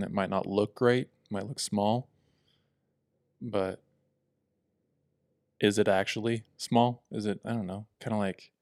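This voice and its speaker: Young male podcast co-host, lowish voice, loose rambling delivery, dry close sound. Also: vocal fry, no echo. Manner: relaxed, rambling with many fillers. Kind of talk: casual chat.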